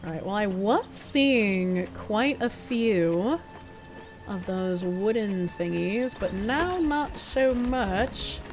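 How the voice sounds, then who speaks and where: A woman's voice: medium pitch, animated, slow, low-quality recording. A woman streamer giving casual commentary while she plays, chatting to the game's characters and swearing casually. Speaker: game streamer. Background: game music.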